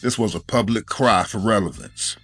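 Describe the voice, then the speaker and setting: Male commentator with a lowish voice and a sarcastic roast style, faint music underneath. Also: normal speed, fairly bright tone, slightly rough. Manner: mocking, punchline-heavy roast delivery.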